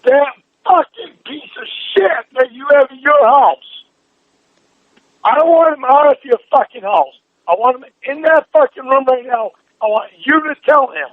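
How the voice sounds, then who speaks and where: Enraged, cursing man on a phone call, very high voice, muffled line. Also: moderate pace, no room sound. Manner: furious, swearing nonstop, demanding. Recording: dull phone line recording.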